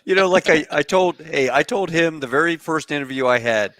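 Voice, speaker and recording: A man's voice: a little high, a little fast, a bit bright, no echo. A man hosting a casual video call chat, laughing often and rambling loosely. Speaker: show host. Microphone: home computer mic on a video call.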